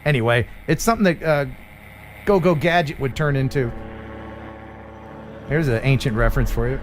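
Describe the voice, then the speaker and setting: A man's voice: mid-range voice, moderate pace, a little hiss or hum. A man hosting a casual live stream, joking and rambling with his co-hosts. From United States. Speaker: livestream host.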